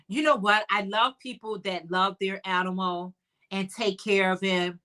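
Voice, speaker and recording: A woman's voice: lowish voice, bright, forceful tone. Chatty woman with a Chicago accent. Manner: chatty and upbeat, greets viewers by name, calls them honey. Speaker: livestream host. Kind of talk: casual livestream chat, reading viewer comments.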